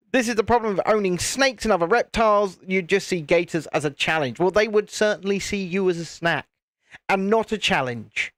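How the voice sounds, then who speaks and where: High-voiced, chatty British man. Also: normal speed, fairly bright tone, dry recording, studio quality. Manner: chatty and jokey, laughs often, restarts sentences. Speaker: live-stream host. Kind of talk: casual chat while building, answering viewer comments.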